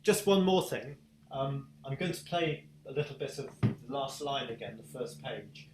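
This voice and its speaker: A man's voice: mid-range voice, animated, moderate pace, heavy background noise. A man with a British accent giving an online piano masterclass, asking patient questions and encouraging his student. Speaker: piano teacher. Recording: echoey room over video call, piano.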